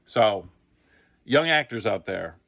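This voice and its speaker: Middle-aged man, comic anecdote, animated delivery with a bright voice, dry close sound. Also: fairly low pitch, slow pace, creaky, dry recording. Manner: lively, comic storytelling with acted-out quotes. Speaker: actor telling a behind-the-scenes story. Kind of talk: casual anecdote.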